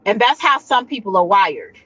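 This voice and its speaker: A woman's voice: mid-range voice, lively intonation, normal speed, fairly bright tone, no echo, low-quality recording. A woman with a Texan accent hosting a livestream, giving blunt, preachy relationship advice with lots of restarts. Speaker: livestream host. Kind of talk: casual livestream talk.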